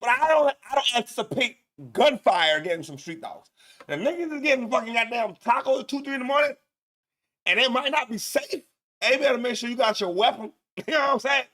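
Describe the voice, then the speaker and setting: A man hosting a casual news commentary show, loud and profane, laughing often and repeating himself. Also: very high-pitched, a little fast. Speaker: show host.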